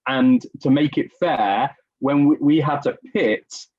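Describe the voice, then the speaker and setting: A man's voice: on the high side, takes it slowly, no echo. A man telling stories in a casual podcast chat, self-deprecating and chatty. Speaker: podcast guest. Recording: dull lo-fi recording.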